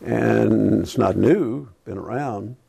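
An older man speaks on a Christian talk show with a low, dark voice full of gravel and a husky edge. He talks in halting bursts, restarting his sentences often. His tone is earnest and preachy. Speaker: Christian radio host. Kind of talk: casual talk about current events.

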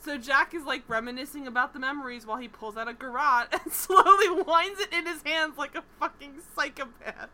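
A woman co-hosting a casual TV recap chat, animated, swearing freely and acting out characters' lines. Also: high-pitched, brisk, hardly any pauses, low-quality recording. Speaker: podcast co-host.

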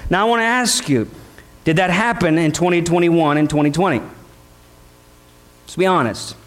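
A man's voice: sits high, a little slow, pauses often. A middle-aged man preaching a sermon, emphatic and conversational, often asking the congregation questions. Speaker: pastor.

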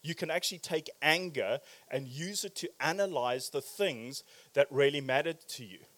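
A man preaching a sermon in a church, animated, swinging from loud exclamations to quiet, probing questions. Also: high voice. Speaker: pastor.

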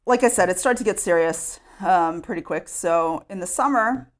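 A woman's voice: fairly low pitch, moderate pace. A woman from Texas, chatting as a guest about her own life at home and filling her talk with "like". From Sherman, Texas, US. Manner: chatty, with many "like" fillers. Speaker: interview guest. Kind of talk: casual storytelling interview.

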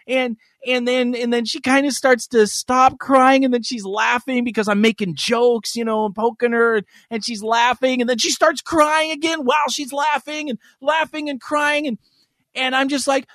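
Man, high voice, rambling crude storyteller, casual chat, dry close mic. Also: fairly even intonation, a little slow, fairly bright tone, no room sound. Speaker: podcast co-host.

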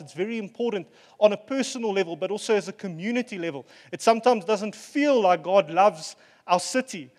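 Man, pastor, high voice, earnest relaxed sermon, long church-hall reverb. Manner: earnest, relaxed preaching with asides and fillers.

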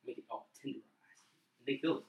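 A man's voice: medium pitch, brisk, gravelly, recorded from a distance, dull audio. A man in a casual podcast chat, telling a story reluctantly and a little defensively. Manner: reluctant, flat, a bit defensive. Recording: echoey, away from the mic.

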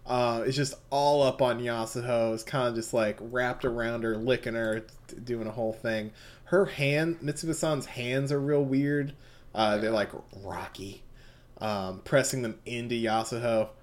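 A woman's voice: very deep voice, fairly even intonation, unhurried, darkish tone. A woman narrating a tabletop game as game master, wry and chatty with frequent laughter.

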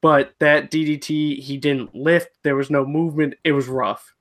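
A man's voice: a little high, little pitch movement, moderate pace, a bit bright. A man hosting a podcast, running through wrestling matches in a matter-of-fact way with frequent "uh"s. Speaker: podcast host. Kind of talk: casual wrestling review chat.

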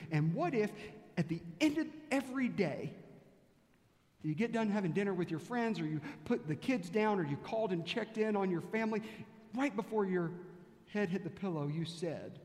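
A man with a fairly high voice preaches in a large church sanctuary, his words trailing into a long reverb. He tells stories and piles up rhetorical questions, slowing right down on the key words. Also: animated, darkish tone. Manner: storytelling preacher, slows for emphasis, rhetorical questions. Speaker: pastor. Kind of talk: sermon.

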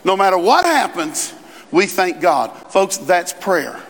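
A man preaching a sermon as pastor, in a conversational style with quick asides and rising emphasis. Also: high-pitched, very animated, fairly bright tone. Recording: long reverb in a large hall.

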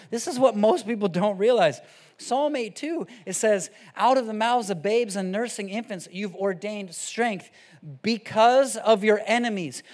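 A man preaching an off-the-cuff sermon, casual and animated, moving from quiet scripture reading to loud, excited exhortation. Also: high voice.

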